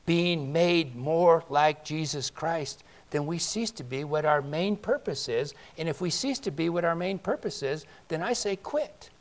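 A male pastor giving a conversational sermon, asking his congregation rhetorical questions and swinging between loud emphasis and quiet asides. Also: a little high.

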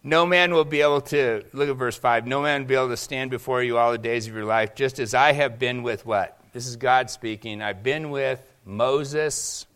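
A man delivers a morning sermon in an everyday middle-range voice. He keeps asking his congregation questions and waits for them to answer. When he reads scripture he slows down and lets each line land. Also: mid-range voice, a bit bright, smooth. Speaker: pastor.

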